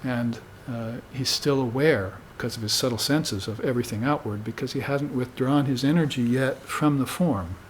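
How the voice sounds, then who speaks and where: A man giving a spiritual dharma talk to students in an unhurried, conversational way, often tagging his points with "you see". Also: mid-range voice, a little hiss or hum. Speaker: spiritual teacher.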